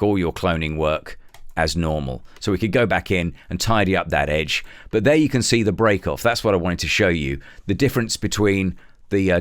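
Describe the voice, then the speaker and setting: A man, walking through a photo editing tutorial step by step in a relaxed, explanatory way. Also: deep voice, no room sound, studio quality. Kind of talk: software tutorial.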